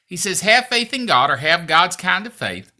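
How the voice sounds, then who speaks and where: Male preacher teaching scripture, really bright tone, animated pitch, lots of uhs. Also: moderate pace. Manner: lively, emphatic, with frequent fillers and restarts. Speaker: preacher and podcast host. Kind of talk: sermon teaching.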